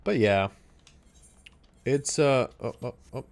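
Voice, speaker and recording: A man's voice: medium pitch, slow pace. A young adult man streaming a game, chatting casually and reacting aloud to what happens on screen. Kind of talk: casual live-stream chat while gaming.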